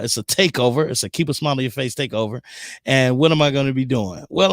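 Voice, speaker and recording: A man hosts a live internet radio show, talking casually and calling out listeners by name. His pitch swings widely as he gets excited, and his voice sits in a medium range. The sound is dry and close to the mic. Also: no room sound. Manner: animated, chatty, gives shout-outs. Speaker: guest radio show host.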